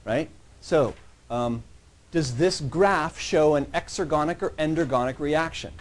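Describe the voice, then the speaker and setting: In a college science lecture, a man with a somewhat high voice speaks a little slowly and conversationally, joking with students and checking in constantly with "yeah?" and "right?" As he moves around the room, he sometimes drifts away from the microphone.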